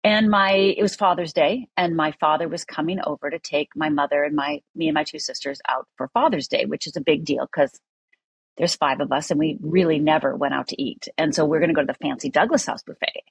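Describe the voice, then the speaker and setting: A middle-aged woman from Upper Michigan with a low, husky voice, speaking earnestly and candidly as a podcast guest. She tells her story plainly with many fillers, recorded close and dry. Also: fairly even intonation, brisk, dry recording. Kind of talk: personal storytelling.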